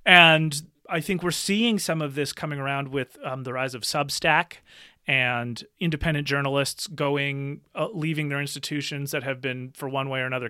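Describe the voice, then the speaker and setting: Man, podcast talk, bright and slightly high, earnest, laughs easily, dry close sound. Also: clean tone, dry recording. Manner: earnest, thoughtful, quick to laugh. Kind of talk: casual podcast conversation.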